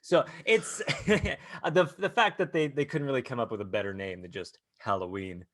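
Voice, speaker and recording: A man's voice: mid-range voice, moderate pace, dry recording, clean studio sound. A man co-hosting a podcast, chatting casually with wry, amused remarks. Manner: wry, dryly amused, laughs easily. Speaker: podcast co-host.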